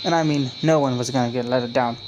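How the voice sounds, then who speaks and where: A man's voice: mid-range voice, fairly even intonation, quick pace, poor audio. A man casually reading aloud his own fan-made story, rambling with frequent restarts and self-corrections. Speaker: fan fiction narrator. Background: music.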